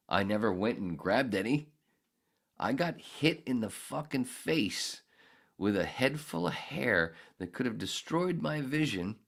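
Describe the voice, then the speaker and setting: A man hosting a podcast who rants angrily and sarcastically, swearing heavily and swinging from mutters to shouts. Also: medium pitch. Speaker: podcast host. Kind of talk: ranting monologue.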